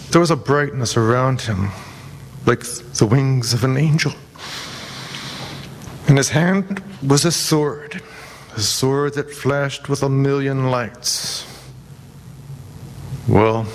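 Slow, solemn male reader. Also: mid-range voice, in a large hall, a little hiss or hum. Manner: measured, solemn. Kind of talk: slow scripted reading and prayer.

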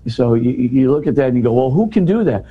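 A man's voice: mid-range voice, sing-song, fast, narrow, tinny audio, a little hiss or hum. A man in an interview explaining scripture in earnest, often repeating words and checking in with "you know" and "right?". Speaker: guest scholar explaining scripture.

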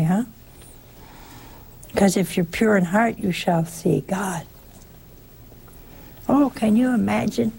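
A woman's voice: medium pitch, creaky, a little mellow, husky. A woman giving a conversational sermon in a folksy way, often turning to the listeners with rhetorical questions. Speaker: preacher.

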